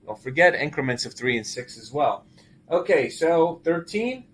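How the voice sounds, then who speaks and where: A man in middle age hosts a casual markets talk, his voice sitting fairly high for a man. He talks in an animated way, exclaiming over numbers and breaking into laughs. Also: normal speed, a little hiss or hum. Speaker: show host.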